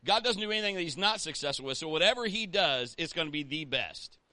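A man's voice: a little high, animated, quick pace, sharp tone, dry recording. A man, a pastor, preaching a sermon in a conversational way and rallying the congregation with call-outs.

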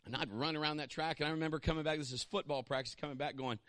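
A middle-aged man preaching an impassioned sermon, pausing to have the congregation repeat lines after him. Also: a little high, sharp tone, dry recording, clean studio sound. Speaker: pastor.

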